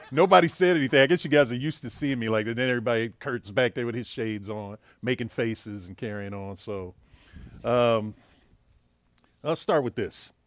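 A man's voice: mid-range voice, moderate pace. A man preaching as a pastor, telling a joke story in a casual storytelling way before moving into the sermon. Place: church.

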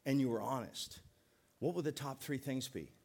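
Middle-aged male pastor, folksy sermon delivery, mid-pitched, slows down to stress key points. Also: creaky, a little mellow. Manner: folksy, joking, emphatic preaching with slowed stresses.

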